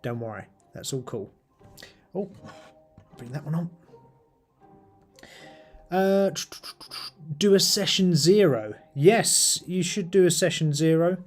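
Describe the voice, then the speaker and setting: A man's voice: a little high, animated, takes it slowly, pauses often, soft background music. A middle-aged British man casually chatting on his live stream while painting miniatures, rambling with lots of ums and uhs.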